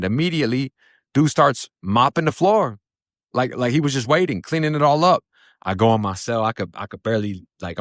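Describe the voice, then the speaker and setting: A man's voice: medium pitch, a bit bright, no room sound, clean studio sound. A man from Florida telling a story in casual, blunt speech, swearing freely and using lots of fillers. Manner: blunt and profane, with many fillers.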